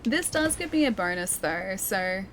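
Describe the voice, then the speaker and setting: A woman's voice: medium pitch, animated, normal speed, fairly bright tone, slight background noise. A young Australian woman chatting casually while playing a game, reading chat and laughing often. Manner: chatty, giggly, reads chat aloud. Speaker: streamer. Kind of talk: casual gameplay commentary.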